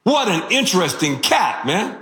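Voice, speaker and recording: A man preaching a sermon as pastor, telling stories in an animated, joking way. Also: sits high, unhurried, echoey room.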